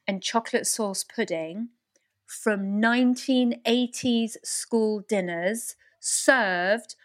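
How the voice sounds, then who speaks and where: A woman chatting on a podcast over a video call, telling stories in an animated, teasing way. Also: fairly high pitch, takes it slowly. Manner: animated storyteller, playful and teasing. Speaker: podcast guest. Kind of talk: casual chat.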